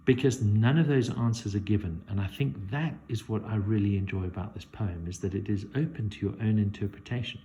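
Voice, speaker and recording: A man teaching a poetry lesson, measured and thinking aloud as he works through a poem. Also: fairly low pitch, dark tone, slight background noise.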